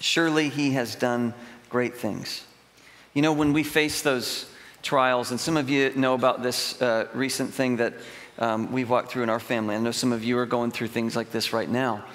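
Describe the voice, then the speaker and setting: A man's voice: medium pitch, level tone, moderate pace, a bit bright. A middle-aged man preaching a sermon in a large church, telling stories in a conversational way and acting out quotes with emphasis. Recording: long hall reverb.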